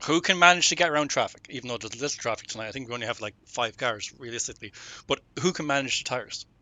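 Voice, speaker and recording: A man's voice: mid-range voice, quick pace, sharp tone, no room sound. A man hosting a live sim racing broadcast from home, trading jokey, upbeat banter with his co-commentators. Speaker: race broadcast host. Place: home setup on a remote call.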